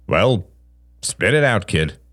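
A man voicing a blunt, cynical middle-aged father who talks gruffly and mocks his son. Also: lowish voice, sing-song, slow pace, a bit bright, no room sound, studio quality, pitched above the performer's own voice, full character voice. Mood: scornful. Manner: gruff, mocking, laughs harshly.

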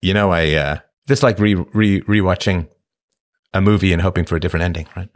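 A man's voice: deep voice, a little fast. A man hosting a livestream, reading chat and talking casually in a wry, self-mocking way. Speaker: show host reading chat.

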